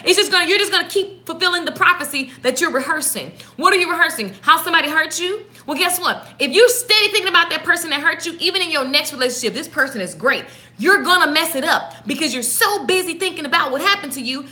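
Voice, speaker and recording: High bright woman preaching to her live viewers, repeats herself a lot, super animated. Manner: preachy, repeats questions, drops into soft asides; colloquial, addresses listeners directly. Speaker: host of a daily spiritual live talk. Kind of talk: casual inspirational talk to live viewers.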